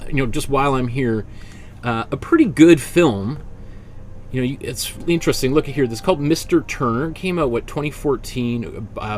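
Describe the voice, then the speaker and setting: A man teaching an online painting class in a casual, rambling way, often correcting himself and filling pauses. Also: mid-range voice, a little mellow, slight background noise. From Canada. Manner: rambling, self-correcting, chatty with frequent fillers. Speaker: art instructor.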